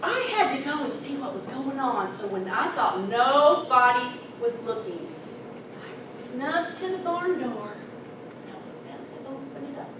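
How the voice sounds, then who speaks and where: A woman in her fifties tells a humorous story to a speech club, singing snatches and acting out the people in it. Her voice sits high and swoops widely, at an unhurried pace. The mic is far off in a very echoey hall, with clear background noise. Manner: animated, sings snatches and acts out characters. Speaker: Toastmasters speaker.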